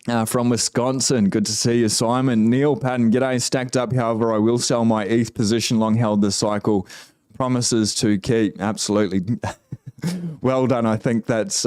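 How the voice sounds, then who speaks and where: A man's voice: medium pitch, a little mellow, smooth, no room sound, clean studio sound. An Australian man hosting a casual livestream, easygoing and chatty, greeting viewers by name as he reads the chat aloud. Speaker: livestream host.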